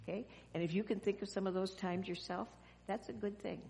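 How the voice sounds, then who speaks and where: A woman pastor giving a children's message in church, speaking gently and asking the children questions as she goes. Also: mid-range voice, fairly even intonation, brisk, vocal fry, a little hiss or hum. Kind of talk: children's sermon. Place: church sanctuary. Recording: long church reverb.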